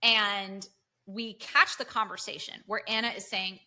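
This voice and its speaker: A woman's voice: mid-range voice, moderate pace. A woman co-hosting a podcast, recapping a TV episode in casual chat and acting out the characters' lines. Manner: animated, acts out quoted dialogue. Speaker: podcast co-host.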